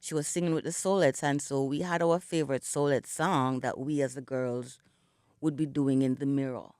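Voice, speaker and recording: A middle-aged Jamaican singer, a guest on a radio show, speaks reflectively in a rumbling low, dark, clean voice with a steady tone at a moderate pace. Still in her morning voice and not yet warmed up, she tells stories and sprinkles in plenty of "you know." The recording is dry, with clean studio sound.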